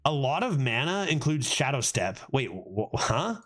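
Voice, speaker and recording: A man livestreaming a card game, giving excitable, casual commentary and laughing often. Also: medium pitch, a little slow.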